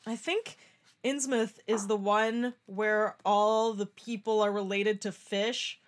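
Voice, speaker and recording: A woman's voice: mid-range voice, steady tone, slow, slight background noise. A young woman chatting casually about a TV show. She laughs often, swears freely and acts out quotes. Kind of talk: casual chat.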